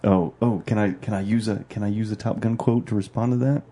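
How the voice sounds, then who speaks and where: A man's voice: on the low side, steady tone, fairly quick, warm tone. A man co-hosting a casual podcast chat, joking and enthusiastic with playful teasing. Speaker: podcast co-host.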